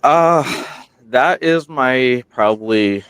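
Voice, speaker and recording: A man on a podcast, a guest who hosts his own show, telling stories in a rambling, animated way and acting out quotes, sounding tired at night. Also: mid-range voice, slow, clear, resonant tone, dry recording. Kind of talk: casual interview storytelling. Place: remote room while on military deployment. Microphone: single portable microphone.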